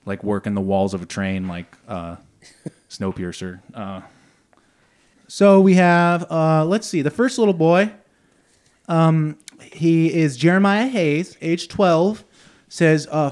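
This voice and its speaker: A podcast co-host on a comedy show speaks slowly in a slightly high voice with a darkish tone. He rambles casually, full of fillers and laughs.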